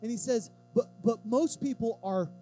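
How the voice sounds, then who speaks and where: A man preaching a sermon as pastor of a church, talking to the congregation in a relaxed, emphatic way and acting out quotes in lively voices. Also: extremely high pitch, moderate pace, faint music behind, rough recording.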